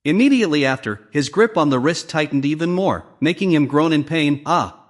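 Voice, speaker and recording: Man, story recap narrator, animated delivery, slightly high voice. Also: brisk. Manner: lively storytelling, reading every character's lines in the same voice.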